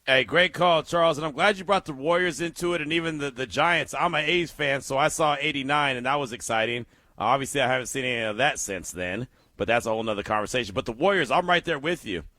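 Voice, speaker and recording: A man hosting a call-in sports radio show, talking in an animated, emphatic way and laughing often. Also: medium pitch, quick pace, dry recording, clean studio sound.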